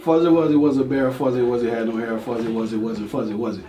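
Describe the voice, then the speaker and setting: A man's voice: medium pitch, steady tone, fast, dark tone, distant mic. A man who is a guest on a podcast, cocky and teasing in casual banter.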